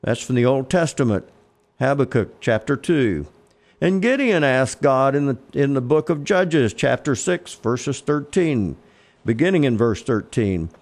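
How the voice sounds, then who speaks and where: A man with a Texan accent preaching a sermon, reading scripture in slow, emphatic phrases. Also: medium pitch, big pitch swings, darkish tone. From Texas.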